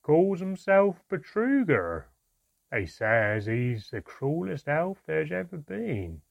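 A gossiping dwarf sailor with a rough voice, as a man reads him. He talks slowly and a little higher than the narrator, with a husky tone. The storybook recording is dry. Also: big pitch swings, no room sound, dull audio, full character voice. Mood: ominous.

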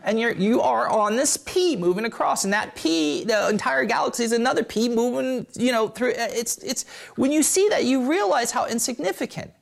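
Man, spiritual teacher, live group talk, very animated pitch, gravelly voice, blunt and joking, swears. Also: normal speed. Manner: animated, acting out voices in quotes.

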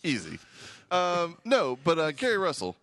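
Man, excitable co-host, bright tone, big swings in pitch. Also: moderate pace. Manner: excitable, emphatic exclamations. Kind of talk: casual banter among friends.

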